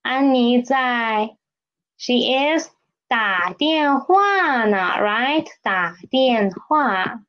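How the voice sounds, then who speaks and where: A woman teaches step by step, with a voice that sits somewhat high and moves at an unhurried pace. She repeats words and keeps checking in with "okay?" and "right?". The recording sounds slightly dull and lo-fi. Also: animated. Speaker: Chinese language teacher. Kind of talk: slow step-by-step lesson.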